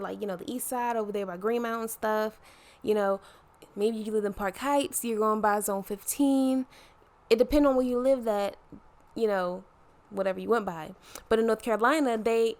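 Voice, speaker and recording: A woman in her twenties from Baltimore, with a Baltimore accent and a slight Southern twang, talking to camera in a chatty, slangy, playful way. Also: on the high side. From Baltimore, Maryland. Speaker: vlogger. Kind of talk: casual chat to camera.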